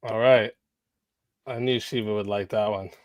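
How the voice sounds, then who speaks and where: Smooth-voiced man hosting a debate stream. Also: on the low side, steady tone, moderate pace, no echo. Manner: casual, says bro a lot. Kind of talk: live stream moderating.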